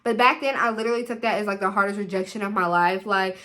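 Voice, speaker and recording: A young woman telling a dramatic storytime on her vlog, animated and leaning on "literally" and "like". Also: mid-range voice, fast. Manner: animated, dramatic retelling with put-on quoted voices; repeats "literally" and "like" constantly. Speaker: vlogger.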